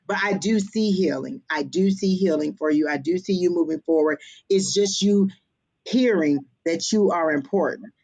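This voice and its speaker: A woman's voice: low-pitched, a little mellow, slightly rough, highs cut off. A woman giving a tarot and psychic reading on a livestream, speaking in an earnest, reassuring way. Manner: earnest, reassuring, repetitive affirmations.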